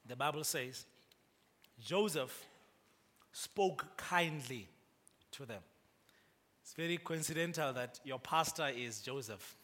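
A man's voice: medium pitch, lively intonation, slow, pauses often, a bit bright, in a large hall. A man preaching a sermon to a congregation, prompting them to respond and building to emphatic rises. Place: church.

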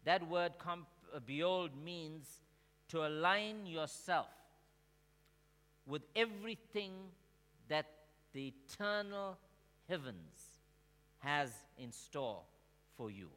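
A male pastor preaching a sermon in a church, slow and emphatic, calling on the congregation to answer back and swinging from quiet to shouting. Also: fairly high pitch, animated. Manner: call-and-response with the congregation. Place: church sanctuary. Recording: long reverb of a large hall.

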